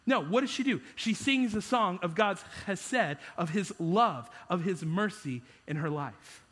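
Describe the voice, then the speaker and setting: A pastor with a bright, high voice preaches a sermon in a church sanctuary at a measured pace, his words carried by long hall reverb. His style is conversational and animated, peppered with rhetorical questions.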